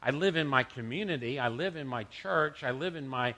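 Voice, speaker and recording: Man, middle-aged, pastor, conversational sermon, personal anecdotes, bright tone. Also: mid-range voice, fairly quick.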